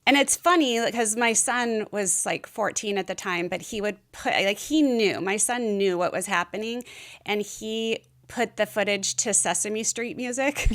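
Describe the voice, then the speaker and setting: In a relaxed interview chat, a middle-aged podcast guest shares her story openly, wandering a bit and filling it with fillers. She speaks unhurriedly in a mid-range, slightly bright voice.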